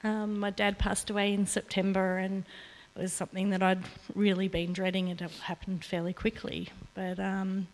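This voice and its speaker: A woman sharing a halting personal testimony with a congregation in a church, with frequent fillers. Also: medium pitch, little pitch movement. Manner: halting, soft, many fillers. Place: church hall. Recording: reverberant church hall.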